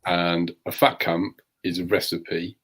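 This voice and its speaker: A man co-hosting a live talk show, giving measured, opinionated views. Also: deep voice, level tone, fairly bright tone, breathy edge. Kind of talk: casual talk show discussion.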